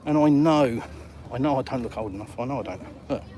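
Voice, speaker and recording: A man's voice: medium pitch, a little fast, mellow. A retired man from England with an English accent, chatting on a live-streamed walk outdoors and reading out viewer comments in a matey way. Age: older. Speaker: vlogger. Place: outdoors by water in a town. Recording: outdoor traffic noise.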